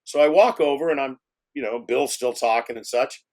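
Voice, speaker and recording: A man's voice: medium pitch, normal speed. A man around sixty, a film director telling anecdotes in a casual interview, laughing often and swearing freely.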